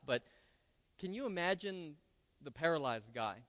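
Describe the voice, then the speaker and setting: A male pastor giving a lively, conversational sermon with playful asides, recorded in a church. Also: fairly high pitch, measured pace. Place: church sanctuary. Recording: long church hall reverb.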